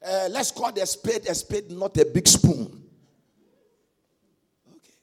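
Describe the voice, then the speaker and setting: A man preaching a sermon as pastor, swinging from quiet asides to loud shouted exhortation. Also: sits high, slow pace, pauses often, slightly rough.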